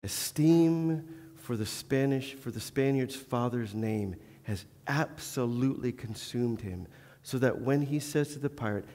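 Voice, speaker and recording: Long church-hall reverb surrounds a male pastor preaching in a sanctuary. He speaks at a measured pace in a warm, medium-pitched voice, earnest but with flashes of self-deprecating humor.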